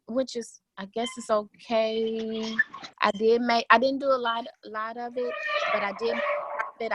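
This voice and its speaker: A woman's voice: medium pitch, fairly bright tone, slight background noise, low-quality recording. A woman calling in with a question, giggly and hesitant, trailing off mid-sentence. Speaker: caller asking questions. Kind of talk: casual call-in chat.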